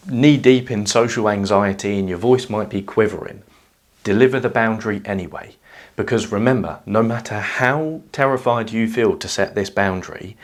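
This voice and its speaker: A man calmly explaining social skills in a measured whiteboard lesson. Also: fairly low pitch. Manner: calm, measured teaching delivery. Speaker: self-help educator.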